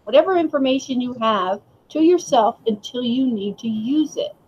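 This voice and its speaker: A woman's voice: fairly high pitch, expressive, normal speed, darkish tone. A woman co-hosting a casual fan chat, opinionated and profane. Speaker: co-host. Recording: lo-fi online audio with faint hiss.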